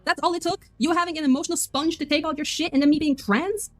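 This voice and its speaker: A woman on a group voice call speaking high and fast, blunt and sarcastic as she confronts someone. The sound is dry, with faint music behind her. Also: fairly even intonation, dry recording. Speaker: caller confronting another.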